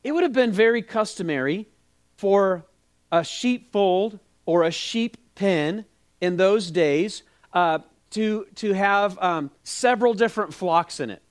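High-voiced male pastor preaching. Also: unhurried, clear, resonant tone. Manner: animated storytelling with quoted dialogue. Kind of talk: sermon.

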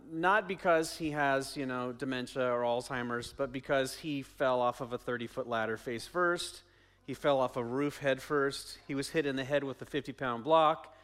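A man's voice: mid-range voice, moderate pace, a bit bright. A man preaching a sermon as pastor, conversational, asking the congregation questions and repeating his phrases.

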